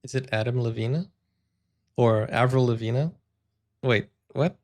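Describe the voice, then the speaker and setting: A man's voice: mid-range voice, measured pace. A man hosting a video reaction channel, chatting casually and wondering aloud as he tries out words. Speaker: YouTube reaction host.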